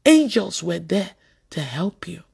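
A woman preacher gives a lively sermon, slipping into a storytelling tone. Her voice sits a little high. She breaks into laughter and sudden exclaimed shouts as she tells her stories. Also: normal speed, husky.

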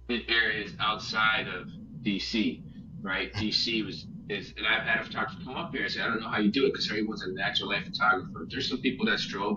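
A man talking as a podcast guest, earnest and rambling, often restarting his sentences. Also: lowish voice. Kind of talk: casual interview chat. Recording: roomy, distant, muffled with loud noise.

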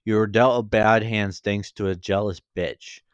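A man voicing a gentle, soft-spoken young man who talks earnestly and plainly. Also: lowish voice, fairly even intonation, moderate pace, smooth, no room sound, muffled recording, lightly acted. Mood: earnest comfort.

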